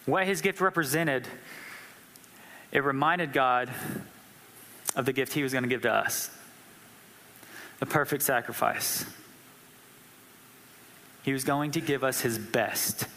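A man's voice: medium pitch, slow, pauses often, pushed and bright, slight background noise. A male preacher giving a conversational sermon in a church hall, often asking the congregation questions. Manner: conversational, asks the audience questions. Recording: long hall reverb.

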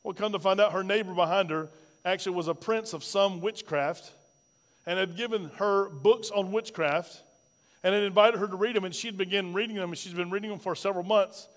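Male pastor, fairly high voice, preaching in a church with a long hall echo. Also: fairly quick. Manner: preaching with rhetorical questions and a personal story. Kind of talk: sermon.

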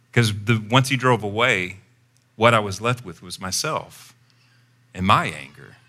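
A pastor preaches a sermon by telling a personal story in a conversational manner, growing animated as he acts out his own lines. His voice is on the low side and a little slow.

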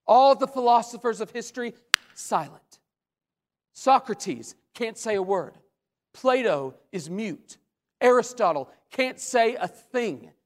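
A man preaching a sermon as a pastor, with dramatic swings between loud questions and hushed asides. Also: high-pitched. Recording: long hall reverb.

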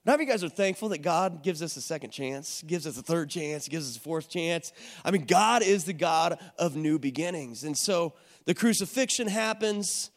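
A man's voice: high-pitched, long reverb tail. A man preaching a sermon in a conversational way, often asking the audience questions. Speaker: pastor.

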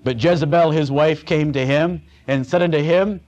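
A man's voice: fairly high pitch, steady tone, moderate pace, a little mellow. A man preaching through a Bible passage, mixing plain scripture reading with sarcastic, conversational asides. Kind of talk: expository Bible teaching. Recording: dull lo-fi recording.

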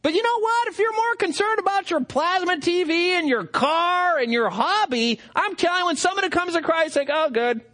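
Animated high-voiced man preaching a sermon. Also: brisk, hardly any pauses. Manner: animated, acts out quoted voices with big pitch swings.

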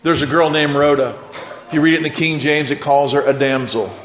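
A male preacher tells a scripture story to his congregation and keeps drawing them in to respond. His voice sits a little high for a man. It rings through an echoey room with a faint hiss underneath. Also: steady tone, a little fast, fairly bright tone, muffled recording. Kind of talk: sermon.

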